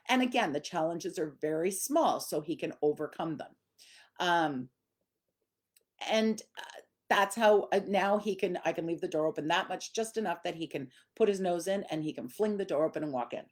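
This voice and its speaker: Low-voiced woman dog trainer. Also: normal speed, a little mellow. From Canada. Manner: conversational, acts out dog and owner voices. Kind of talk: instructional talk.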